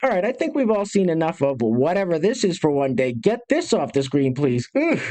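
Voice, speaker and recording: Host: a man, brisk and sarcastic, casual commentary to camera. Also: a little high, sing-song, warm tone. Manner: brisk, sarcastic, addresses viewers directly.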